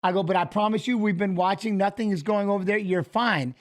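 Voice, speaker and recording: Middle-aged male co-host, high-pitched, casual, swears and restarts a lot. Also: fairly quick. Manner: animated storytelling, swearing, restarts. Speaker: co-host of a fight preview show. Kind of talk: casual chat.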